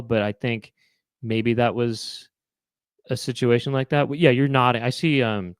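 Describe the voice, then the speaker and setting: A man's voice: mid-range voice, no room sound, clean studio sound. A man hosting a live online chat show, musing aloud to viewers in a rambling way, with many fillers and restarts. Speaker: host.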